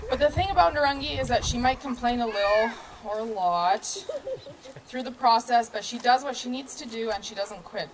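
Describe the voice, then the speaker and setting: A woman's voice: on the high side, noisy background. A woman in her thirties, an older sister, reading a prepared graduation speech at a community gathering. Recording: crowd audible in background.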